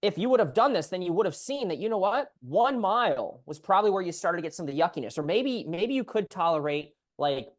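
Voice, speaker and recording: A man coaching a client on a call as a physical therapist, explaining in an animated way and acting out what clients say. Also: high-pitched, quick pace, few pauses. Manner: animated, acts out client voices.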